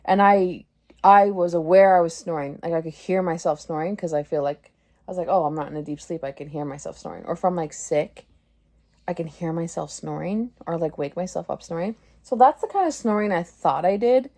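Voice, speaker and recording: A woman's voice: on the low side, fairly quick, a little mellow. A woman in her thirties vlogging in a casual, rambling way, filling her talk with "like" and laughing at herself. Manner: rambling, heavy use of "like", laughing through embarrassment. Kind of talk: casual confessional vlog chat.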